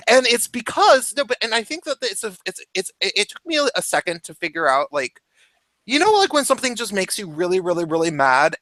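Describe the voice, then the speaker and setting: A man's voice: high voice, a bit bright, no room sound. A man in casual opinionated chat who talks in a heated rush, swears a lot and restarts his sentences often. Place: home, cat nearby.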